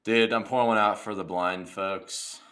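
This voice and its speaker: At a moderate pace, a man with a steady, slightly bright, lowish voice co-hosts a podcast, telling rambling funny stories in casual chat as a joking storyteller.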